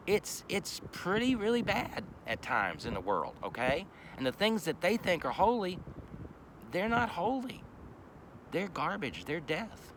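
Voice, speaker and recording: Blunt, swearing man preaching over loud traffic. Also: on the high side. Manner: blunt, profane and emphatic. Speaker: street preacher. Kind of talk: informal preaching. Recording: loud traffic noise outdoors.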